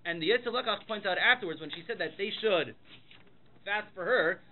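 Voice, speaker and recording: A man with a Canadian English accent giving a Torah lecture as a rabbi, telling the story in an animated way and acting out the dialogue in his own voice. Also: a little fast, a little hiss or hum. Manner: animated storyteller, acts out dialogue with rising pitch. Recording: tinny lo-fi lecture recording.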